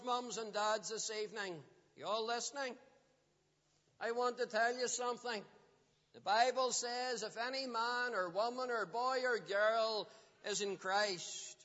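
A man's voice: extremely high pitch, sharp tone. A man giving a gospel talk to children and parents in a church hall, often putting questions to the children. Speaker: children's preacher. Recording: dull lo-fi sound with long hall reverb.

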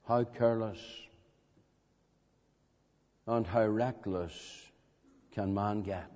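Slow dramatic preacher in an echoing hall. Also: male voice, on the low side, fairly even intonation, dark tone. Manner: slow, dramatic, with emphatic questions. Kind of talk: evangelistic sermon. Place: meeting hall. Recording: dull lo-fi recording in a reverberant hall.

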